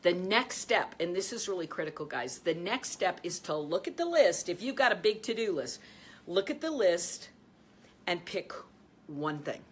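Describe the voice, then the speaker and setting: A woman hosting a coaching video, teaching energetically and addressing viewers directly, laughing often, then softening to a calm low voice to guide breathing. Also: normal speed, breathy edge. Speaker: host, life and business coach.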